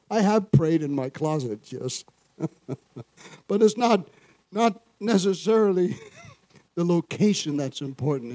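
A man's voice: high-pitched, mellow, dry recording. A man preaching a sermon as pastor, often asking the congregation "Amen?" and chuckling between points. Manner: call-and-response, frequent "Amen?" and chuckles.

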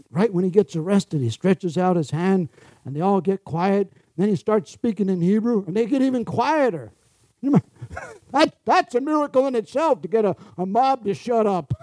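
A man's voice: sits high, warm tone, no echo. A man preaching a sermon, chuckling often, with sarcastic asides and acted-out quotes of the people he talks about.

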